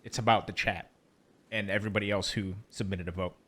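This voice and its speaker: A man's voice: lowish voice, fairly even intonation, fast, fairly bright tone. Chatty, joking male podcast co-host. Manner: joking, chatty, rambling with fillers. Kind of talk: casual podcast chat.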